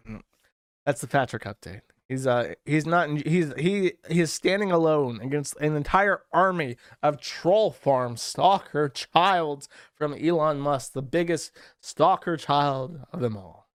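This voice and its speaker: A man's voice: fairly high pitch, unhurried, smooth, no room sound, clean studio sound. A male streamer giving casual, sardonic commentary in a loose, rambling way. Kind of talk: casual commentary reading posts.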